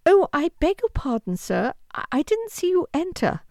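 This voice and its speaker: A woman's voice: big pitch swings, moderate pace, no room sound, clean studio sound, heavily acted. A woman reading an audiobook, voicing a determined young woman of twenty-four in an earnest, pleading tone. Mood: flustered. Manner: earnest and pleading, higher and brighter than the narration. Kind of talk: audiobook character voice.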